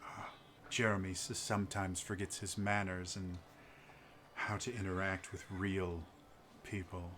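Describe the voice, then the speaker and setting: A man voicing a courteous, soft-spoken male noble in a tabletop game, polite and measured. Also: sits low, flat delivery, slight background noise, pitched below the performer's own voice. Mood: smooth courtesy.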